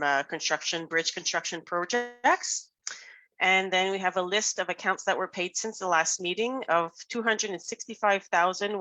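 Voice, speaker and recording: A woman with a bright, crisp voice gives a financial report to a council, filling pauses with plenty of ums. She moves back and forth between English and French. The sound is dry and close. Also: fairly low pitch, no echo. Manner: casual, hesitant with many ums, switches between English and French. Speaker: financial director.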